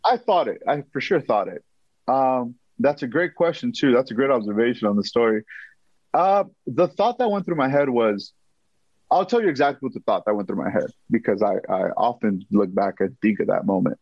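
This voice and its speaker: A man telling a story as an interview guest, animated and acting out quotes, often repeating himself. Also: medium pitch, fairly quick, husky, no room sound, muffled recording.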